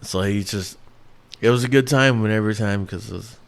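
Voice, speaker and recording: Rambling, swearing man with a low voice. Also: a little fast, gravelly. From New York. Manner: rambling, swears casually, many restarts and fillers. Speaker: podcast host. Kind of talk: casual solo talk.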